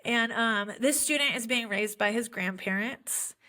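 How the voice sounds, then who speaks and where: A young adult woman who works as a special education teacher shares heartfelt stories in an earnest podcast conversation, using frequent fillers. Her voice is a little high with a sharp tone, and her pace is measured.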